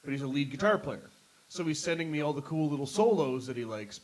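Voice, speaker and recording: Guy hosting a chill podcast, voice sits a bit high, rambles and swears a lot. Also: expressive, fast talker, rough recording. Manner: swears freely, rambling storyteller. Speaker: podcast host. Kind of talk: casual chat.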